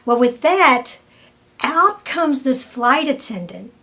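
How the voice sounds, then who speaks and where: Slow, high-voiced woman giving a wellness tip. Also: very animated, sharp tone. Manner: slow, storytelling, acts out quoted people. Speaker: wellness presenter. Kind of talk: weekly wellness tip talk.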